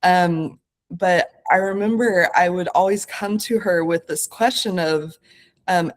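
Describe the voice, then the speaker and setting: Earnest woman in her thirties, slightly low voice. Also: measured pace, slight background noise. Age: 30s. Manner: earnest, searching, lots of fillers and self-corrections. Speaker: podcast guest. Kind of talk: reflective conversational interview.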